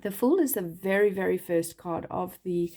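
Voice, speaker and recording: A woman with a croaky voice from being unwell, giving a casual weekly tarot reading in a gentle, unhurried way. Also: lowish voice. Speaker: tarot reader.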